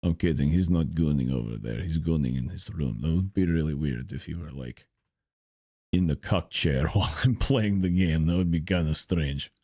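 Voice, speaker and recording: A man's voice: very deep voice, normal speed, dark tone, slightly rough, no echo, clean studio sound. A young man hosting a gameplay channel, rambling through casual commentary with profane, frustrated grumbling. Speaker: gaming channel host.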